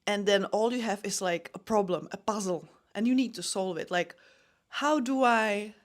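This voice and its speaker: A woman's voice: medium pitch, moderate pace. A young adult woman, a podcast host and MMA fighter, telling a personal story in a candid, self-deprecating way with frequent restarts.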